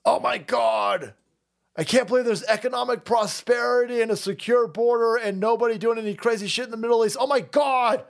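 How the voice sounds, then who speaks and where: Brief: a shrill, mocking young female celebrity impression by a man, high and gasping. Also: a little fast, creaky. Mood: mocking whine.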